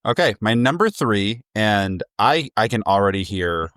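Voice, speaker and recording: A man's voice: lowish voice, animated, unhurried, fairly bright tone, no room sound, clean studio sound. A man co-hosting a casual podcast chat, easygoing and prone to small chuckles between points. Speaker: guest co-host.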